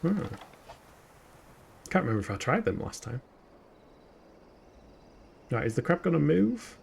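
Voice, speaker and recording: A man's voice: fairly high pitch, sing-song, unhurried, vocal fry, a little mellow, a little hiss or hum. Yorkshire guy doing live game commentary, chatty n jokey, answers chat, swears when the monster jumps him. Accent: Yorkshire English. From England. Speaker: gaming streamer. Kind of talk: live let's-play commentary.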